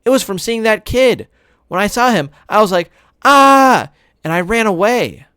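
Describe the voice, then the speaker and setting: A woman reading aloud and voicing a young boy, a second grader who whines and protests in a high childish voice. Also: animated, moderate pace, no echo, studio quality, natural voice. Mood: whining. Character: young boy, little brother, whiny.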